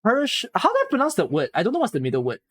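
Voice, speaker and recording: Excitable Singaporean woman streamer. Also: medium pitch, rapid-fire, breathy edge. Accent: Singaporean English. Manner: excitable, gushing exclamations, rambling. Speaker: live streamer. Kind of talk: casual live-stream chat with viewers.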